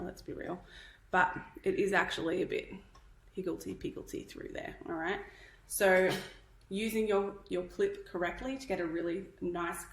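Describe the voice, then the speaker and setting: In a roomy, poor-quality recording, a woman with a fairly low voice teaches hairstyling live. She's an Australian hairdressing educator, talkative and instructive, slightly out of breath, and keeps asking "okay?".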